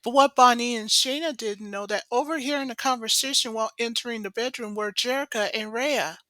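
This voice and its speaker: A woman talks through an episode recap in a loose, rambling way, stringing events together with "so" and "of course". Her voice is bright and a little high. It sits close and dry on the mic. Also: fairly quick, no room sound, poor audio. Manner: rambling, chatty retelling full of "so" and "of course". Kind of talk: casual episode recap narration.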